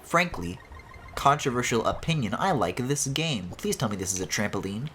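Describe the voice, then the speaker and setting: Animated, chatty male game streamer. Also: medium pitch, moderate pace, faint music behind. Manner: animated, chatty, swears, laughs often. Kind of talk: casual let's-play commentary.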